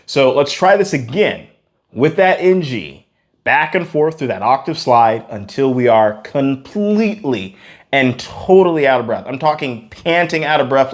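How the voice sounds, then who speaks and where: Man, vocal coach, energetic singing lesson, mid-pitched voice, counts off exercises. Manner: energetic, demonstrates vocal sounds between explanations; says "okay?" often and counts in exercises.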